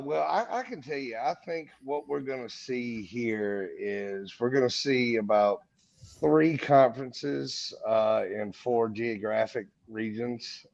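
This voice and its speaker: A man with a low, gravelly voice gives measured sports analysis as a podcast co-host. His call audio sounds dull and lo-fi. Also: a little mellow.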